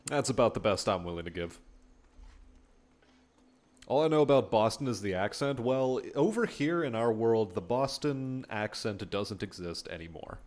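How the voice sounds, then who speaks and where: A man's voice: lowish voice, expressive, normal speed, darkish tone. A man casually commenting while he plays a strategy game on stream, laid-back and swearing now and then.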